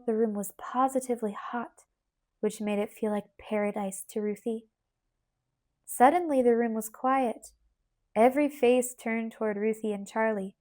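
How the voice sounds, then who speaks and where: Female audiobook narrator, warm and mellow, expressive children's storytelling. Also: fairly high pitch. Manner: expressive, lilting reading.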